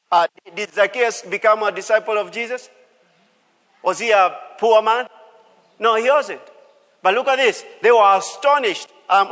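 In a church hall with a long reverb tail, a man with a high, fairly bright voice preaches a sermon as pastor. He's emphatic, repeats key phrases, and calls out to the congregation.

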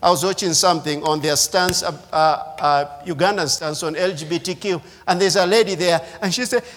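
A man preaching a sermon as pastor, slow and emphatic, repeating key phrases. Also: high-pitched, fairly bright tone. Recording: reverberant hall.

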